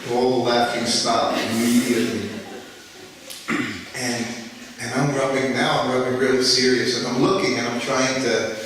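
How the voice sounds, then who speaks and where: In a large indoor festival hall, a storyteller shares memories with an audience, rambling through a long anecdote full of "you know" and laughing along. His mid-range voice is steady and a little slow. The roomy hall and background noise make him sound far off.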